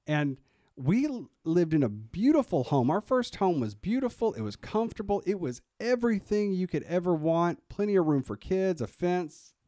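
A man's voice: high voice, sing-song, moderate pace, dark tone, no room sound, clean studio sound. A man co-hosting a podcast, telling a story earnestly in casual chat, often restarting and laughing. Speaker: podcast co-host.

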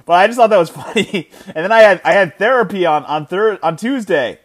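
A man of thirty hosting his own sports podcast from home, telling stories in a lively, rambling way with many restarts. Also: high voice, a little fast. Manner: animated storytelling, many restarts and filler words. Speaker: podcast host. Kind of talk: casual solo sports podcast chat. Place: his house.

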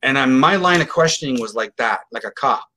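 This middle-aged interview guest has a medium-pitched voice and talks a little fast. Animated and emphatic, he relates a case story in a casual way and acts out quotes from others.

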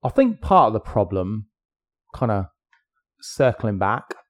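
A man's voice: fairly low pitch, big pitch swings, takes it slowly. A middle-aged man co-hosting a podcast, talking in an opinionated, rambling way with many fillers. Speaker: podcast co-host. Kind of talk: casual chat.

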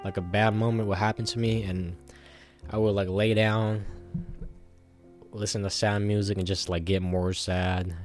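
A man's voice: on the low side, little pitch movement, moderate pace, long pauses, faint music behind. A man telling a casual, rambling story to the camera, full of fillers and swearing.

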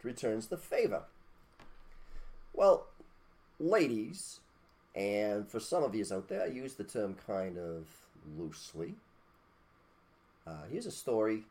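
A man hosting a podcast, his voice sitting very low and deep. He rants bluntly and preachily in a casual way. He swears mildly and checks in with "okay?" often. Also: a little mellow. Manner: blunt, preachy, mild cursing, repeated "okay?". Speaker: podcast host. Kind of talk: casual opinion rant.

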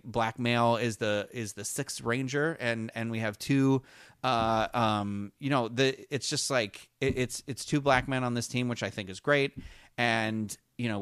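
A man co-hosting a casual fan podcast, talking in halting, rambling sentences full of restarts and fillers. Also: medium pitch, a bit bright, clean tone, dry recording, studio quality. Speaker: podcast co-host.

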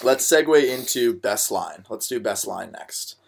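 Animated man chatting movies. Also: medium pitch, measured pace, creaky, a little hiss or hum. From Boston. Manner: animated, swears freely, does voices. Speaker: podcast co-host. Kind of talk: casual movie chat.

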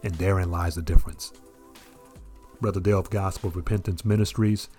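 Man, preacher, low dark voice, emphatic sermon, speaks straight to the listener, faint music behind. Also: steady tone, brisk. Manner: earnest, emphatic, addresses listener directly.

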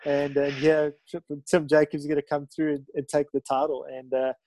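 A man's voice: on the high side, level tone, moderate pace, warm tone, no room sound, rough recording. A middle-aged man telling a story in a rambling way, full of fillers and restarts. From South Africa. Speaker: guest, ocean ski paddler. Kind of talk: casual storytelling.

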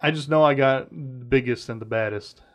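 A young man co-hosting a gaming podcast, talking in a relaxed, easygoing and slightly halting way. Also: medium pitch, lo-fi sound. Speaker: podcast co-host. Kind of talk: casual gaming chat.

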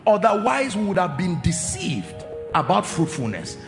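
A male preacher delivering a sermon, stretching key phrases out slowly and often asking the congregation whether they follow. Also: sits high, huge pitch swings. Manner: emphatic, drawn-out repetitions, asks the congregation questions. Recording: reverberant hall with faint music.

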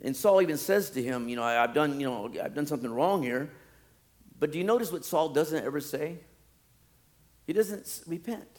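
Preacher guy, kinda high voice, gets loud then goes way quiet and dry. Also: expressive, normal speed. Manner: dramatic, swings from loud acted-out pleading to low asides. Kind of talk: sermon.

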